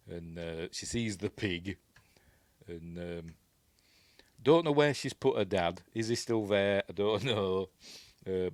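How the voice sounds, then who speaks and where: A man's voice: low-pitched, dry recording. A man with a Yorkshire accent giving a casual, rambling film breakdown, full of fillers and restarts. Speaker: film reviewer.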